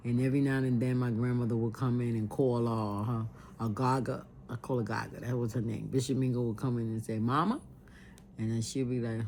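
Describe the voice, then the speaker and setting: A woman's voice: extremely low pitch, a little mellow, slight background noise. A woman telling a personal family memory in an earnest way, often repeating herself as she recalls it. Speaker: storyteller.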